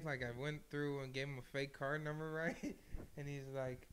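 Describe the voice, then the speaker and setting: A young man on a casual podcast, a rowdy, profane and animated storyteller. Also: on the high side, unhurried, a little hiss or hum. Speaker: podcast co-host. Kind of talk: casual chat.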